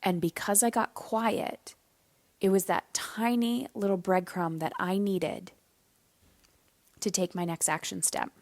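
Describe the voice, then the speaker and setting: A woman hosting her own podcast, telling personal stories in a candid, conversational way and slowing down to stress key points. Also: mid-range voice, steady tone, darkish tone, no echo. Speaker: podcast host. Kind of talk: solo podcast monologue.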